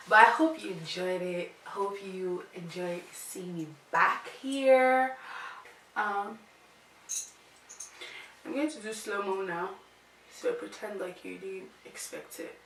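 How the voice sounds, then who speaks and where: A woman's voice: mid-range voice, takes it slowly, a bit bright. A woman vlogger chatting playfully about new makeup products, with lots of fillers. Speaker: beauty vlogger. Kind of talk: casual makeup vlog chat. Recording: roomy echo, distant from mic, clear background noise.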